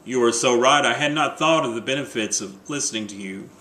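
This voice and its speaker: A man's voice: medium pitch, a little fast, pushed and bright, echoey room, close to an everyday voice. Man reading as a meek, agreeable husband. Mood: sheepish.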